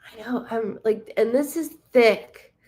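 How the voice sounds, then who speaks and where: A woman hosting a live psychic reading from a warm room with the window open, talking to her viewers in a chatty, rambling way. She is animated and full of fillers and asides. Her voice sits a little higher than most women's. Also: slow. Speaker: psychic medium host.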